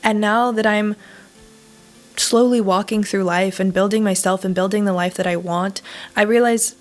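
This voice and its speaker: A woman's voice: mid-range voice, fairly even intonation, normal speed, faint music behind. Candid young woman vlogging, casual and emphatic. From Southern California. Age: 20s. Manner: casual, emphatic, frequent swearing and fillers. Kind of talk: candid personal vlog talk.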